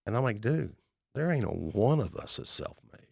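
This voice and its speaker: In a clean, echo-free studio recording, a middle-aged man who invests in real estate spins folksy podcast-interview tales, animatedly voicing the characters' dialogue. His mid-range voice is creaky and slightly rough, at a moderate pace.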